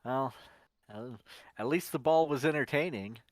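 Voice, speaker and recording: A man's voice: medium pitch, moderate pace, dry recording, natural voice. A man voicing a laid-back, blunt male adventurer in an offhand tone.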